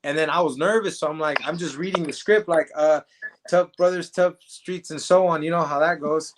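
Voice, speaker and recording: A man telling a story as a show guest in animated, slangy casual talk. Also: a little high, normal speed. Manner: animated, slangy, says "bro".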